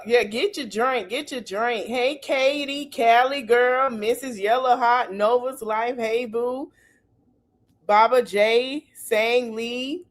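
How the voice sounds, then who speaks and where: Woman host on a live stream, high voice, slow drawl, laughs and teases a lot, says hey to viewers. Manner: laughing, teasing, greeting viewers by name. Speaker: livestream podcast host. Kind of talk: casual livestream chat.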